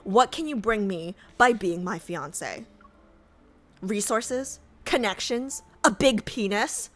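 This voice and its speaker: A woman's voice: medium pitch, slow pace, a bit bright. A woman streaming herself reading a game story aloud. She reacts in brash, profane, indignant outbursts.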